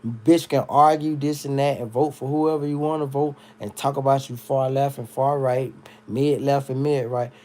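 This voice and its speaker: A man's voice: mid-range voice, moderate pace. A drunk American man ranting on a livestream, heated and swearing a lot. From United States. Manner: loud, heated, swearing, animated. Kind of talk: profane livestream rant.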